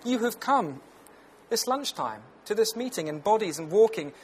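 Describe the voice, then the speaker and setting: A man's voice: sits high, big pitch swings, moderate pace, a little hiss or hum. A British man in his thirties giving a lunchtime Bible talk in a conversational, earnest way, with personal stories. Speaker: preacher.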